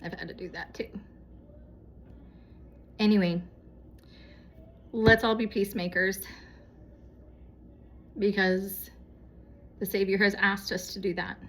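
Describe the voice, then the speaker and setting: A woman's voice: mid-range voice, level tone, takes it slowly, long pauses, a little hiss or hum. A woman vlogger speaking to her viewers in a casual, earnest and pleading way, giving moral advice. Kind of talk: casual heartfelt exhortation to viewers.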